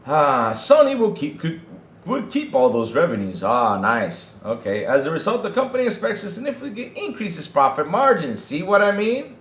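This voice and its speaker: A man's voice: high-pitched, normal speed, roomy sound. A man hosting a gaming podcast, reading news aloud and reacting with mocking, profane commentary while talking to his chat. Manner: animated, mocking, swears, addresses chat. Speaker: podcast host.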